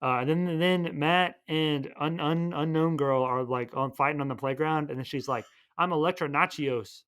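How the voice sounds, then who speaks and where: A man casually retelling a movie plot as a podcast host, rambling and playful, tossing in quick voices for each character. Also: on the high side, fairly bright tone.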